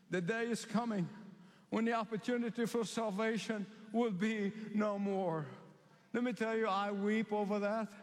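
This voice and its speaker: A man from the Middle East preaching a sermon, emphatic and repetitive, stretching key phrases slowly. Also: high-pitched, big-room sound.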